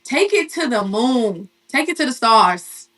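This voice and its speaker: A woman's voice: fairly high pitch, very animated, measured pace, fairly bright tone, far from the mic, a little hiss or hum. A woman co-hosting a casual sports and celebrity chat show, talking in a chatty, emphatic way and repeating phrases for effect. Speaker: co-host.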